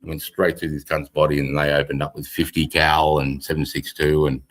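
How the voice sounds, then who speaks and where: An Australian man hosting a casual livestream, rambling and swearing freely. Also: very deep voice. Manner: rambling, heavy swearing, frequent laughter. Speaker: livestream host.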